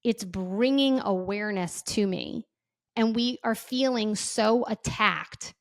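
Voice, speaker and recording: A woman in her thirties hosting a casual advice podcast, chatty and quick to act out little bits of dialogue. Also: medium pitch. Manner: chatty, says "like" often, acts out dialogue. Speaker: podcast host.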